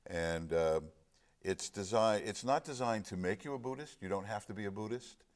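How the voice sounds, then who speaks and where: A man's voice: fairly low pitch, moderate pace. A middle-aged man in casual chat, earnestly recounting a personal experience as a guest discussing a film. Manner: reflective storytelling, earnest.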